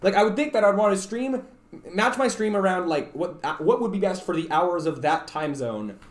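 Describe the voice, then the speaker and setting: A man's voice: high-pitched, lively intonation, moderate pace. A young man from Canada chatting casually with stream viewers, rambling and stuttering with lots of fillers. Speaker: livestreamer. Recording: roomy echo.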